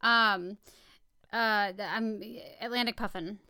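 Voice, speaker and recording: A woman co-hosting a podcast, chatting casually through a word game, giggling and quickly correcting herself. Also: mid-range voice, steady tone, bright, forceful tone, clear, resonant tone, dry recording, clean studio sound. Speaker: podcast co-host.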